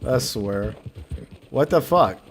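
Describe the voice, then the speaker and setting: A man's voice: mid-range voice, animated, takes it slowly. A man from Minnesota giving casual, joking commentary as he streams a game, swearing freely.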